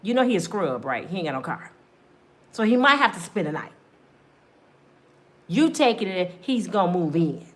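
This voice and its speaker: A woman delivering a comedic monologue, acting out little scenes and swinging between loud bursts and hushed asides. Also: fairly low pitch, big pitch swings, moderate pace, long pauses. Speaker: comedic talk show host.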